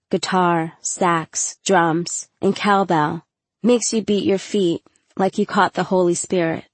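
A woman narrating a first-person audiobook in a measured storytelling voice with casual slang. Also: lowish voice, a little mellow, no echo.

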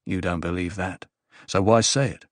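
A man voicing a calm, cryptic male advisor in an audiobook, speaking in a measured, even, reasoning way. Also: sits low, dry recording, clean studio sound, pitched below the performer's own voice, close to an everyday voice. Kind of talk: audiobook character voice.

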